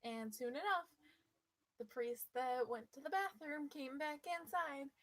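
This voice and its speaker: A woman telling a personal story to her viewers in a lively, playful, mischievous way. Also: high-pitched, a little slow, rough recording. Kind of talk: casual storytelling.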